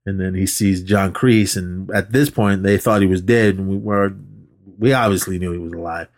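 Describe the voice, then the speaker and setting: Speaking in a low, steady voice at a moderate pace, a man co-hosting a podcast casually walks through a movie scene by scene. He curses freely and performs the lines as he quotes them.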